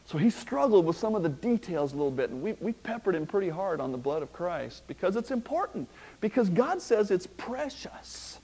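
High-voiced emphatic male preacher. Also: big pitch swings, breathy edge, rough recording. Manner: emphatic, slowing down to stress key words; swings between hushed asides and loud rising emphasis. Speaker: pastor. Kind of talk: sermon. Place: church.

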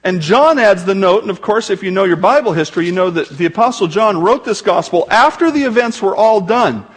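A man's voice: high-pitched, expressive, fairly quick, slightly rough. A man preaching a sermon as pastor, talking conversationally with joking asides to the congregation.

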